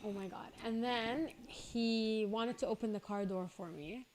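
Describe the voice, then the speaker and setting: A young woman with a high voice tells a lively story in casual podcast chat. She is animated and laughs at herself as she goes. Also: measured pace, a little hiss or hum. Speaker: podcast guest.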